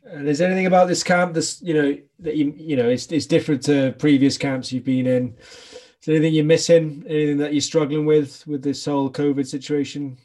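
A man's voice: on the high side, fairly even intonation, brisk, a little mellow. A man hosting a podcast, asking loose, rambling questions in casual chat. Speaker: podcast host.

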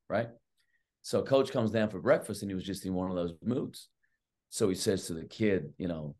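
A man's voice: deep voice, normal speed. A middle-aged man, a basketball coach guest, telling long stories in casual chat, full of fillers and asides. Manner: animated and long-winded, heavy on fillers like "like" and "right". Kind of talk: casual storytelling.

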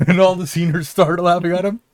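A young man with a fairly high voice spins a loose, swear-filled story for his co-hosts, breaking into laughter along the way. It is recorded close and dry, with no room sound. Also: steady tone, moderate pace, no room sound. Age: young adult. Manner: rambling, profane, laughs at his own stories. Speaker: podcast co-host. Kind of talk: casual storytelling chat.

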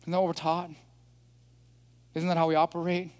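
High-voiced pastor preaching in echoing hall. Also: male voice, normal speed. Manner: animated, asks the congregation rhetorical questions. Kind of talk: sermon. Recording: long hall reverb.

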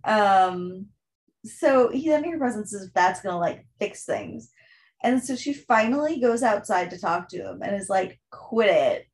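A woman's voice: medium pitch, expressive, normal speed. A woman co-hosting a casual book discussion, recapping the plot in a chatty way with many fillers. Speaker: book podcast co-host.

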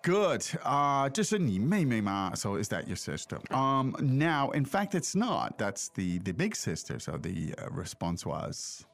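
A man's voice: medium pitch, big pitch swings, unhurried, gravelly, few pauses. A middle-aged man hosting a casual language lesson podcast, explaining and prompting with questions, with many fillers. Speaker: podcast host and teacher.

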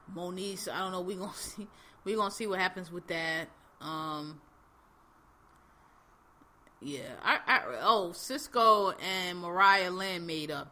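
A woman with a bright, clear-toned voice hosts a casual podcast. She talks bluntly in loose, slang-heavy speech. She is full of fillers and easy laughter. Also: fairly low pitch. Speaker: podcast host. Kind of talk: casual chat recapping reality TV.

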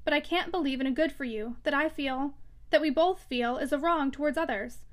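A woman's voice: sits high, a little fast, lightly acted. A woman reading the part of an anguished young woman torn by conscience, pleading and earnest. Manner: earnest, pleading, emotional delivery.

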